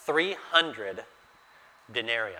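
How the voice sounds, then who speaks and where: A man's voice: mid-range voice, lively intonation, slow, bright, forceful tone, a little hiss or hum. Guy preaching, chatty, keeps asking the crowd questions, long echoey hall sound. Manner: conversational, asks the listeners rhetorical questions. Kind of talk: sermon teaching through a Bible passage.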